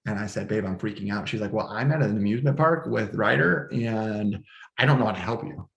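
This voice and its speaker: A man's voice: on the low side, a little fast, vocal fry, roomy sound, dull audio. A man recounting a personal story in conversation, with an emotional, restless delivery full of restarts and quoted dialogue. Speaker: podcast guest. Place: indoor room at home.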